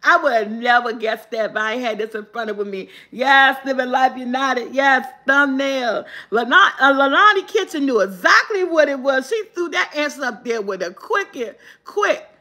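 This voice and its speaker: High bright woman w/ aave reading game clues on a live stream, slow and drawn out. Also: expressive. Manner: reads clues slowly, then squeals and cheers for viewers' answers. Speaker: vlogger hosting a live guessing game. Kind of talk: casual live-stream chat.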